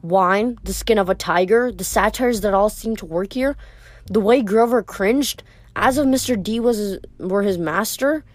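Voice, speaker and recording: A woman's voice: medium pitch, moderate pace, dry recording. Woman casually reading a novel aloud. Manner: casual, slightly stumbling delivery. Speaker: reader.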